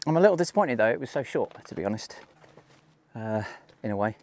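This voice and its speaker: A man's voice: mid-range voice, animated, fast, a little mellow. A man talking casually to the camera while hiking outdoors on a mountain trail, thinking aloud and joking at his own expense. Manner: chatty, thinking aloud, self-mocking. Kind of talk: casual walking vlog.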